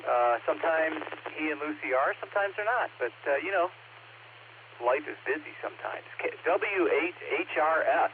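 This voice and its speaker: A man's voice: a little high, expressive, normal speed. A man running check-ins on a ham radio net, easygoing and chatty as he reads out call signs. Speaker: pre-net control operator. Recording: narrowband radio transmission with faint hiss.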